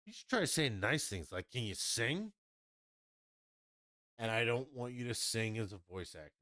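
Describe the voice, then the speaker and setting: A man's voice: lowish voice, animated, brisk, pushed and bright, no echo, studio quality. Blunt, rambling male streamer. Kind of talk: casual livestream chat.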